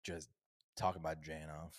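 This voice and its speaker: A man's voice: very deep voice, level tone. A young man co-hosting a podcast, rambling and joking crudely in casual banter. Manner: fast, rambling, jokey, loud outbursts when acting out scenes. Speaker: podcast co-host.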